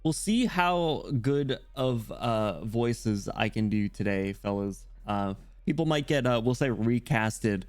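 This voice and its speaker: A young British man chatting casually on a live stream, rambling and playful, often clearing his throat. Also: medium pitch, animated, slow pace, hardly any pauses, no room sound. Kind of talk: casual live-stream chat while reading game dialogue.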